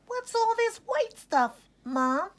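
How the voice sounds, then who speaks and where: A woman voicing a small, excited young male character who asks eager questions in a squeaky voice. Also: takes it slowly, exaggerated voice.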